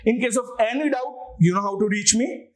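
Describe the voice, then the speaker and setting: A man's voice: very high-pitched, a little fast. A man with an Indian English accent, teaching an online language lecture and patiently spelling words out letter by letter.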